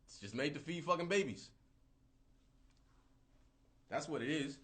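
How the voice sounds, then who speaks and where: A man in his thirties ranting casually on a livestream, profane, rambling and animated. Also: fairly high pitch, a little slow. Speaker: livestream host.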